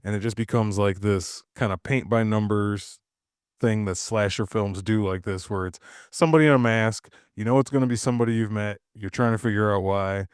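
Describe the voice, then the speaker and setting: Low-voiced man in loose movie chat. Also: brisk, clear, resonant tone, dry recording, studio quality. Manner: loose, rambling, lots of fillers and restarts. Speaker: podcast co-host reviewing a film. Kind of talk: casual chat.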